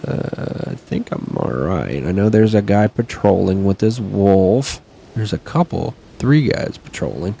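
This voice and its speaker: A man's voice: sits low, expressive, a little slow, creaky, dark tone, slight background noise. A man casually commentating his own game, chatty and swearing, talking back at enemies and sniffling near his desk mic. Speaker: gaming streamer.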